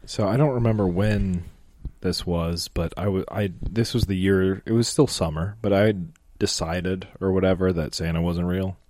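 A man's voice: sits low, fairly even intonation, darkish tone, no room sound. A young man co-hosting a casual podcast, teasing his friends and laughing easily. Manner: teasing and playful, quick to laugh. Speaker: podcast co-host. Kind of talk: casual chat.

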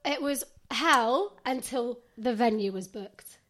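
A woman's voice: on the high side, takes it slowly, fairly bright tone. A woman chatting casually as a podcast co-host, telling stories with a giggly, self-conscious manner. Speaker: co-host, recent bride. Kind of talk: casual chat.

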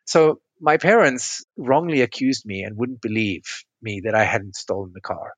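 A man talks in a conversational interview, laying out his ideas patiently and often reaching for a metaphor to make a point. His voice sits at an ordinary middle pitch, and the recording is close and dry with no room sound. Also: moderate pace, dry recording, dull audio. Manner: explains patiently with metaphors, asks if it makes sense. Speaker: relationship coach, podcast guest.

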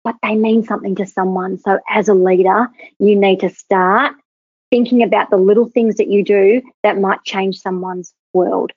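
A woman's voice: medium pitch, steady tone, moderate pace, no room sound. A woman, a podcast guest, telling an emphatic, earnest story about leadership. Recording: tinny phone-like, husky, dry.

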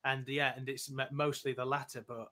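A man's voice: mid-range voice, flat delivery, normal speed, sharp tone. A man chatting as a podcast guest, self-deprecating and prone to stumbling restarts. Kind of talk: casual podcast chat.

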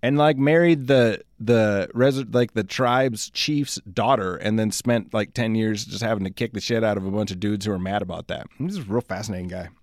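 A man's voice: lowish voice, normal speed, hardly any pauses, no room sound. Man, casual solo podcast host, rambling, self-mocking humor, dry close sound. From South Dakota, USA. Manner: rambling, self-deprecating, jokey, puts on silly voices.

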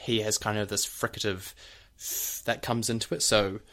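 A young adult man with a somewhat low voice co-hosts a relaxed podcast. He talks at length in an easy, rambling way, leaning on "like" and "you know" as he explains. He often stops to sound out examples. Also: moderate pace. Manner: breaks off to demonstrate accent sounds. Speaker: podcast co-host, actor. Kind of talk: casual podcast chat.

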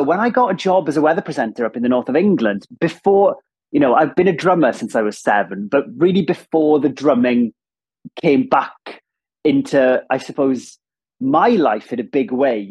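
Lively husky man with a strong south-west Welsh accent. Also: medium pitch. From Ammanford, south-west Wales. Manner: lively, animated, laughs while talking. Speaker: guest, TV presenter. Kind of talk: casual interview chat.

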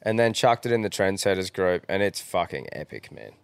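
A man's voice: deep voice, very animated, fairly quick, creaky, clean tone, no room sound. A young Australian man co-hosting a casual podcast, laid-back and encouraging, swearing freely. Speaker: podcast co-host.

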